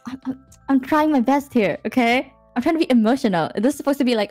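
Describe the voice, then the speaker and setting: A young woman from Southeast Asia talks over a stream call in a slightly high voice. She is playful and teasing, and also reads a heartfelt letter aloud. Faint music sits underneath her voice. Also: quick pace, a little mellow. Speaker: guest streamer. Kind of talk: casual chat on a stream call.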